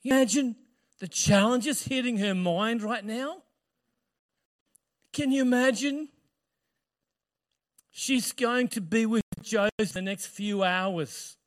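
A male pastor preaching a sermon, retelling a story with animated questions to the congregation. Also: high voice, slow pace, few pauses.

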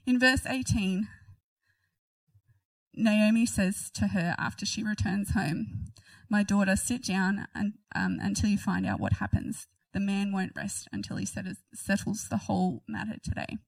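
A woman's voice: medium pitch, normal speed, vocal fry, no echo, recorded from a distance, poor audio. A woman reading a Bible passage aloud and commenting on it in a chatty, giggly way. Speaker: Bible teacher.

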